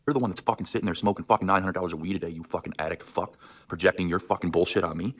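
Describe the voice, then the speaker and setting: A man in his thirties with a very deep, husky voice tears through a furious, rapid-fire rant. Curses and insults tumble out almost without a pause. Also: steady tone. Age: 30s. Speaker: livestreamer. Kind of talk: angry livestream rant.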